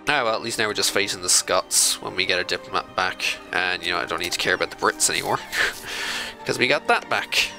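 A man's voice: low-pitched, a little fast, creaky, over music, rough recording. A man giving casual commentary over a strategy video game, chatting along and scolding the computer opponents in mock outrage. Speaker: video game let's-play host.

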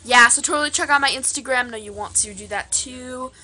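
A woman's voice: high voice, fairly quick, bright, forceful tone. A teenage girl chatting playfully and rambling through a toy skit outro in a put-on accent. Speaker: toy skit video maker. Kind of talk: casual playful outro chat.

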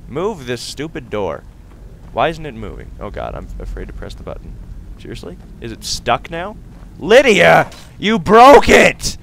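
A young man giving casual let's-play commentary, excitable and silly, breaking into sudden loud outbursts and laughs. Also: mid-range voice, normal speed, vocal fry, a little hiss or hum. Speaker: gaming video host.

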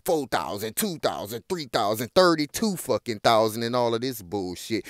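An American man hosts his own news talk show and swings from reading articles to furious, cursing rants aimed straight at his viewers. His voice sits at an ordinary middle pitch. It is recorded dry and close, with no room sound. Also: big pitch swings, normal speed, hardly any pauses, no echo. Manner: heated, profane, loud outbursts; addresses viewers as "y'all" in a colloquial drawl. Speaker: host reacting to news. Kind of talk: angry news commentary, reading articles aloud.

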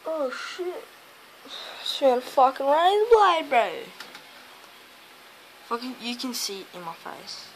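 A sleepy woman rambles to her camera at home, cursing almost every other word. Her delivery is slow and dragging, but her pitch leaps up and down a lot. Faint room noise hums underneath. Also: big pitch swings, low-quality recording. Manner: swears constantly, drowsy and grumbling. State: sleepy, just woke up. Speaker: vlogger. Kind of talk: casual rambling vlog. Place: at home by a window.

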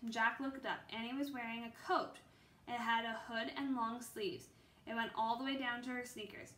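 Woman reading a kids' book, steady storyteller, bright, slightly high, roomy recording. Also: brisk. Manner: steady storytelling with small slips. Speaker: reader. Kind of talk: children's book read-aloud. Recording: roomy with faint ambience.

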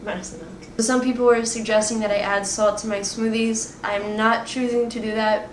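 Raspy woman vlogging in an echoey room. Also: a little high, flat delivery, moderate pace, a little hiss or hum. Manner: chatty, candid, talks to viewers directly. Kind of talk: casual video diary.

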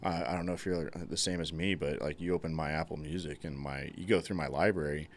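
A man's voice: a bass voice, steady tone, a little fast. A man hosting a casual chat over beer, telling stories in a laid-back way and chuckling often. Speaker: podcast host.

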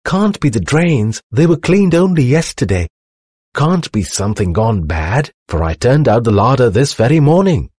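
A man voicing a flustered, fussy middle-aged housekeeper with high, fluttery exclamations. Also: big pitch swings, normal speed, darkish tone, slightly rough, dry recording, studio quality. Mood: fretful.

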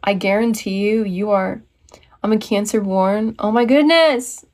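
Brief: young American woman, bubbly livestream host, mid-pitched voice, chats with her viewers. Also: a little slow, a little mellow. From United States. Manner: bubbly, reads viewer comments aloud and answers them. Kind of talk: casual livestream chat.

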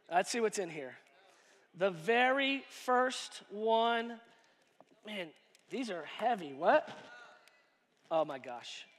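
A man with a very high, bright voice preaches a sermon to his church. He swings between loud, excited shouting and quiet, drawn-out asides. A long reverb trails his words around the auditorium. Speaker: pastor.

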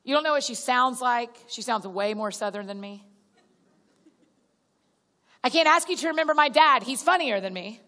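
A woman with a somewhat high voice gives a chatty sermon to a church crowd, calling them y'all and acting out small prayers in a natural way. Her voice carries a long reverb from a large church auditorium. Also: lively intonation, moderate pace, long pauses, bright, forceful tone. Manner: chatty, direct, addresses listeners as y'all; restarts sentences and acts out little prayers. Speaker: guest speaker at a church gathering. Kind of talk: conversational sermon.

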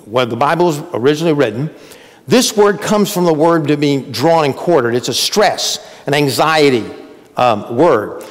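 A man's voice: a little high, long reverb tail. Preacher man with sudden emphatic rises. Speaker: pastor. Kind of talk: sermon. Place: church sanctuary.

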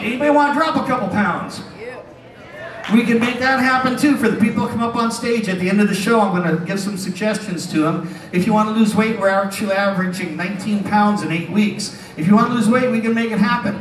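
A middle-aged stage hypnotist with a high voice works a casino crowd, teasing people and chuckling at his own jokes. His voice is picked up from across an echoing showroom. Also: quick pace. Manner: wisecracking, teasing the audience, chuckles often. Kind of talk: comedic stage banter with a live crowd. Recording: echoey hall from a distance.

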